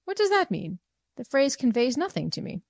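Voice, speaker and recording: A woman's voice: sits high, big pitch swings, moderate pace, creaky, no room sound, clean studio sound, voice pushed up, heavily acted. A woman doing a puzzled, light-voiced lady friend.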